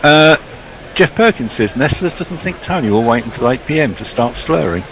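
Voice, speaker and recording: A man's voice: mid-range voice, lively intonation, moderate pace, background noise. A man chatting casually as a cricket co-commentator, rambling and stumbling over repeated words. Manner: rambling, hesitant, repeats words when starting. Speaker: co-commentator reading listener tweets. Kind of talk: casual commentary-box chat.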